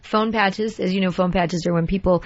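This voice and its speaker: Chatty, upbeat actress on talk radio. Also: female voice, medium pitch, steady tone, moderate pace, no echo. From Los Angeles. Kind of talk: guest on a radio talk show. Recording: dry, dull lo-fi radio recording.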